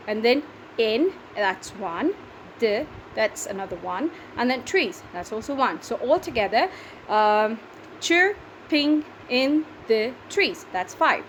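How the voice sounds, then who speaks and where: A woman's voice: a little high, a bit bright, slight background noise, poor audio. A woman teacher with a Pakistani English accent, patiently explaining a poetry lesson step by step and counting syllables aloud.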